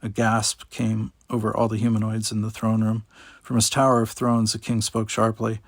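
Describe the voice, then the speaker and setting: A male audiobook narrator telling a science fiction story at a steady pace. His voice is gravelly, and the recording is dry and close. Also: lowish voice, normal speed, dry recording.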